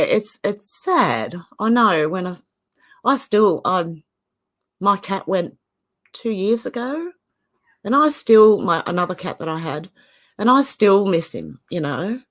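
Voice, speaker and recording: An Australian woman hosting a casual livestream, greeting viewers by name and reading their comments aloud. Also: medium pitch. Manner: greets chatters and reads comments aloud, chatty. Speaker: livestream host. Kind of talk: casual live-chat talk.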